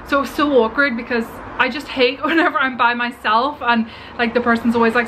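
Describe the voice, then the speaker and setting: A woman's voice: fairly high pitch, steady tone, brisk, hardly any pauses. A young woman, chatting in a rambling, giggly way through a life-update vlog at home. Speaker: vlogger. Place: home kitchen, indoors. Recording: noisy home camera recording.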